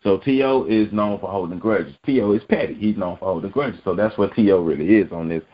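A man with a low voice runs casual sports talk commentary, blunt and slangy, circling back to hammer each point. The audio is dull and lo-fi, like a home recording. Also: brisk. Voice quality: blunt, slangy, repetitive emphasis.

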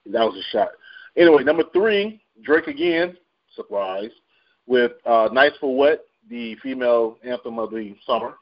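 A radio show host with an expressive mid-range voice runs through a casual, radio-style chart rundown at a moderate pace. He jokes, uses slang, and laughs frequently, and the recording has a dull lo-fi sound.

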